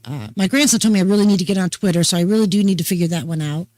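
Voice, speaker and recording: An older woman hosting a casual talk show, chatting in a folksy, unhurried storytelling way. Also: fairly low pitch, warm tone, no room sound, poor audio. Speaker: host. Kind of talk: casual chat.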